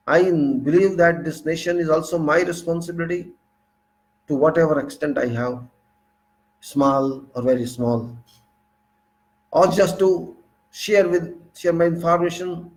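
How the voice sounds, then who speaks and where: A man's voice: a little high, rough recording. A man with an Indian English accent giving an indignant political monologue, full of rhetorical questions and repeated phrases. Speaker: political commentator.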